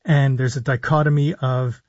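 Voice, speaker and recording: A man, a physician hosting a live call-in radio show, explaining in a measured way with slow emphasis on key words. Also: medium pitch, steady tone, no room sound, highs cut off. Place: radio studio.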